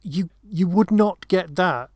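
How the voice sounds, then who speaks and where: Guy rambling about a movie, kinda high voice, dry close mic. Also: slow pace, no echo. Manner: rambling, many restarts and asides. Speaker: podcast co-host. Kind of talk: casual film discussion.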